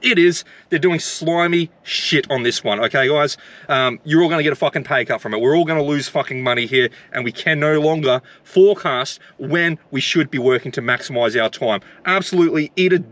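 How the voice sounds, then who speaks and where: A man's voice: on the high side, fairly quick, a bit bright, dry recording. Furious swearing man ranting. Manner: furious, swearing, repeating himself. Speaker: delivery driver and vlogger. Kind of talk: angry rant to camera.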